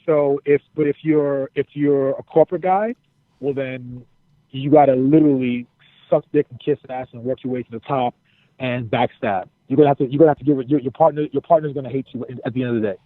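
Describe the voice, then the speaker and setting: A former wrestler, a man, telling profane, animated stories as an interview guest and repeating his phrases as he goes. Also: medium pitch, brisk, no room sound. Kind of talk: casual storytelling. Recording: dry, phone-like narrow sound.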